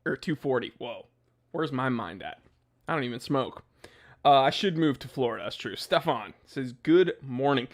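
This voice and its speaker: A man's voice: mid-range voice, expressive, normal speed. A young man hosting a casual livestream from his home office, joking and ranting as he reads names from the chat. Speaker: watch channel host.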